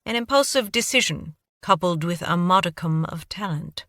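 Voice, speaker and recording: A man's voice: high voice, animated, moderate pace, bright, forceful tone, no echo, studio quality. A woman voicing an urbane, self-deprecating man with a British accent, a refined scholar in an audiobook. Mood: wry. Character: refined British-raised male scholar, wry.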